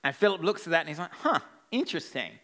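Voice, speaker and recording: Man, pastor, playful sermon, bright forceful voice, a bit high. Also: racing. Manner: playful storytelling with asides to the congregation.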